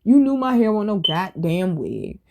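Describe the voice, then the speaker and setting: A woman's voice: mid-range voice, normal speed, vocal fry, noisy background. Blunt profane woman telling stories. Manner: animated, profane and blunt, with slang. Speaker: podcast host. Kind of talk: casual storytelling monologue.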